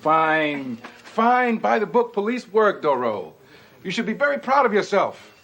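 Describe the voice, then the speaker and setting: A man's voice: sits high, big pitch swings, measured pace, gravelly, a bit bright, full character voice. An actor playing a sarcastic male police superior with a mocking manner.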